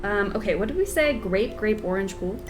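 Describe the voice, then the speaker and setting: A woman's voice: mid-range voice, expressive, moderate pace, over music. A woman streaming a mystery video game, chatting casually, joking and laughing with her viewers as she plays. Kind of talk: casual gameplay commentary.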